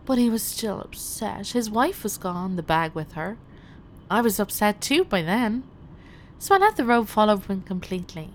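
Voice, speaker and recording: A woman's voice: medium pitch, expressive, moderate pace, slight background noise. A woman playing a seductive detainee who teases and commands an officer in erotic role-play narration. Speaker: erotic audio performer.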